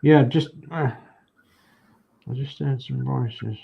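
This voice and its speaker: Gravelly man muttering as he paints. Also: medium pitch, slow, highs cut off. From United Kingdom. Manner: mutters encouragement to himself as he works. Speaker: scale model builder. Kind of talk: casual narration while painting a model. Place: home hobby room.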